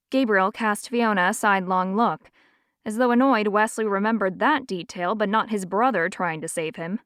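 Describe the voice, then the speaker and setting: A woman narrating an audiobook in a measured, even storytelling manner. Her voice sits in a middle range. The recording is close and dry, with no room echo. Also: medium pitch, clear, resonant tone.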